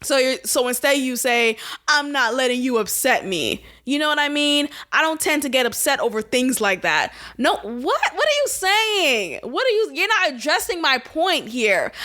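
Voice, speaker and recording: A young woman talks through a podcast segment in casual, animated commentary. Her voice sits high and sounds bright and forceful. She is sarcastic and laughs easily. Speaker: podcast co-host.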